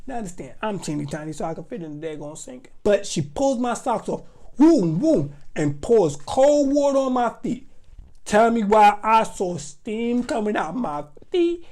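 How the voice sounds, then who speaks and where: A man telling a funny story from his own childhood, animated and dramatic. He leans on slang and sudden outbursts while he tells it. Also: high-pitched, normal speed. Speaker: vlogger. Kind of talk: comic storytime.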